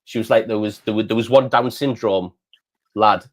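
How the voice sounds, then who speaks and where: Casting: man in his thirties, lowish voice, rambling casual storyteller. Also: steady tone, moderate pace. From England. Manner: rambling, repeats words, says "mate" often. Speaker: channel host.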